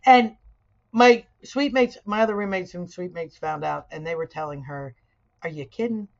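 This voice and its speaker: A woman's voice: on the low side, moderate pace, vocal fry. Middle-aged woman lecturing, dull lo-fi sound. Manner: conversational, tells stories with lively asides. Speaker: sociology instructor. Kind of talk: video lecture with personal storytelling.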